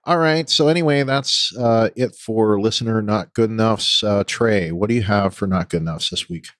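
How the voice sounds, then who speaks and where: A man hosting a casual podcast chat, talking hesitantly with many "you know"s and pauses. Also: lowish voice, no room sound, studio quality. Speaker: podcast host.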